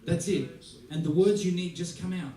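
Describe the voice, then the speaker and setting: A man from Australia giving a music masterclass, playful and lively, acting out little scenes as he teaches. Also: high voice, moderate pace. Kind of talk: masterclass talk. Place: large theater hall. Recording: roomy hall from a distance. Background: audience laughter.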